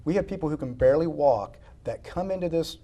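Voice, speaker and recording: A man with a dark, mellow voice talks emphatically about the station's volunteers. He stumbles and restarts now and then as he speaks. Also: fairly high pitch, animated, brisk. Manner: emphatic, admiring, some stammered restarts. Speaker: station staff guest. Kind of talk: interview answers.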